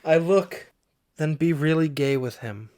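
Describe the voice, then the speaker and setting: A woman hosting a podcast, reading fan fiction aloud and chatting in a dry, deadpan way. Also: low-pitched, a little slow. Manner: deadpan, dry, mumbled asides. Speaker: podcast host.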